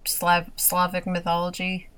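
Female co-host, lowish voice, tentative and conversational, hedges with fillers. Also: monotone, measured pace, clear, resonant tone. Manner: hesitant, hedging, soft laughs. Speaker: podcast co-host. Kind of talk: casual chat about a TV show.

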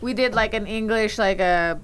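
A woman's voice: mid-range voice, normal speed, fairly bright tone, a little hiss or hum, rough recording. A woman co-hosting a podcast, telling a rambling story with lots of fillers and swearing. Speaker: podcast co-host. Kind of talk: casual chat.

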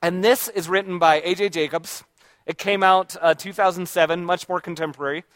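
A man's voice: high voice, fairly even intonation, brisk, a bit bright, no room sound. Man rambling casually about books. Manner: rambling, reflective, with many restarts. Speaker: book reviewer. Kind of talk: casual book talk.

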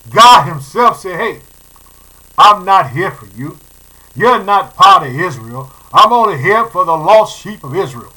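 Fervent high-voiced bright male preacher. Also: low-quality recording. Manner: fervent, repeats phrases, calls listeners family. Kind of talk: sermon reading and preaching.

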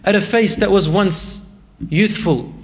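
A man's voice: sits high, measured pace. A man preaching a sermon, reciting Arabic verses and retelling a story with rising emotion.

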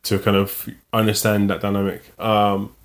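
A man from England chatting casually about a TV show, rambling and restarting his sentences, quick to joke. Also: fairly low pitch, monotone. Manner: rambling, restarts often, jokey. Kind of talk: casual chat reviewing a TV show.

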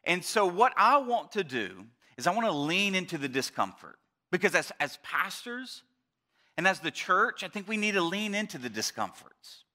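A male pastor giving a chatty Mother's Day sermon, telling stories with frequent restarts and sometimes going soft and quiet. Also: high voice, sing-song, normal speed. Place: church service, also streamed online.

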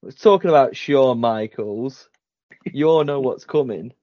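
Man, animated storytelling, mellow tone, lo-fi sound. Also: mid-range voice, measured pace, no echo. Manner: animated storytelling, acting out quotes. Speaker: podcast co-host. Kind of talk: casual chat. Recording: dull lo-fi podcast audio.

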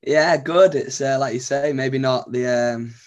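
A man's voice: mid-range voice, a little slow, darkish tone. A man, a podcast guest, talking football in a thoughtful, easygoing way. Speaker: podcast guest, club editor. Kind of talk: casual podcast chat.

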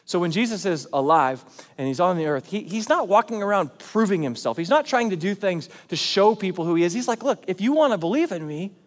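A man preaching a sermon as pastor, in a conversational, animated way. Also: high voice, brisk, big-room sound. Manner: conversational and animated, acting out quotes.

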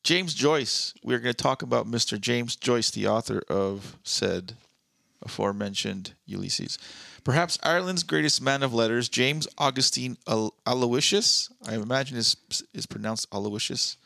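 Gravelly-voiced man hosting a podcast. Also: mid-range voice, bright, forceful tone, dry recording. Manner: reads aloud from notes, bursts of quick asides. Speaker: podcast co-host. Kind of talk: casual comedy podcast chat. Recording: dry close-miked podcast audio.

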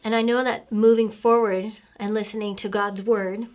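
A middle-aged woman earnestly telling her personal faith story, emotional and pausing often with fillers. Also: medium pitch, little pitch movement, darkish tone. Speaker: guest sharing testimony.

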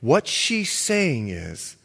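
Pastor, male, high-ish voice, very expressive delivery, playful loud-to-hushed swings. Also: very slow, vocal fry, slightly rough. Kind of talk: sermon.

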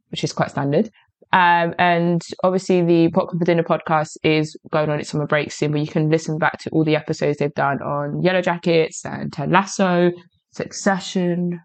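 Lowish woman's voice, podcast host, teasing and brash, dry close sound. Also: dry recording. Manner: teasing, brash, laughs often. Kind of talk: casual podcast chat.

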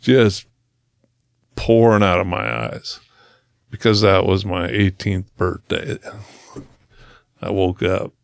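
Speaking as a guest on a podcast, this motivational speaker recounts his own experiences with earnest, fairly even intonation, easing his pace at important points. His voice is deep and gravelly, captured up close in a dry sound without any room reverb.

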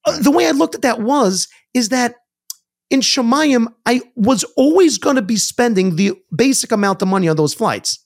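A man co-hosting a podcast, telling a story in a casual, animated way and often repeating words. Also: extremely high pitch, normal speed, creaky. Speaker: podcast co-host. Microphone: studio mic.

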